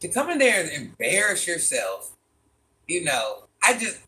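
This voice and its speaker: Animated man with bright, lively delivery. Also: high voice, a little slow. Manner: animated, exasperated, rhetorical questions, laughs often. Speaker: livestream host reading chat. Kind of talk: casual livestream chat.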